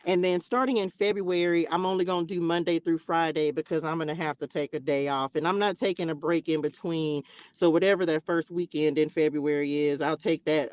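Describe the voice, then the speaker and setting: A woman's voice: low voice, smooth. A woman in her forties, a nurse hosting a casual livestream, telling stories and talking straight to her viewers. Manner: chatty storyteller who keeps addressing viewers directly.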